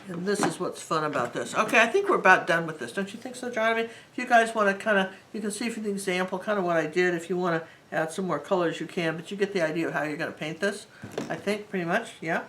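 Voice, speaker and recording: A woman's voice: fairly low pitch, fast talker, rough recording. A woman teaching a live painting tutorial, talking in a chatty and rambling way as she works. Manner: chatty, rambling and warmly enthusiastic. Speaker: art teacher.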